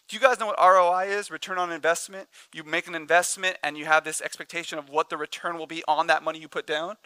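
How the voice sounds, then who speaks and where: A man preaching a sermon as pastor, telling stories with animated energy and laughing easily. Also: sits high, fast talker, smooth, no echo, poor audio. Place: church sanctuary.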